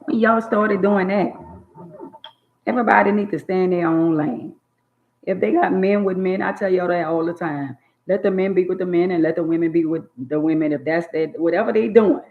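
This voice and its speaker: An older woman, scolding in a blunt, preachy monologue on her channel. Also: on the low side. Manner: drawn-out emphatic words. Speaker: channel host. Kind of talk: opinionated monologue. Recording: dull lo-fi phone audio.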